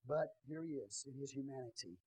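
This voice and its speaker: A man preaching a sermon in a church, swinging from quiet teaching to loud shouted preaching. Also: medium pitch, a little fast, slightly rough, rough recording. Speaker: pastor. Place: church sanctuary.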